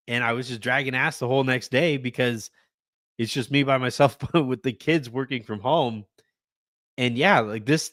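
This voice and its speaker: Man, podcast host, casual sports talk, animated, repeats and restarts, medium pitch, dry close sound. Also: no room sound.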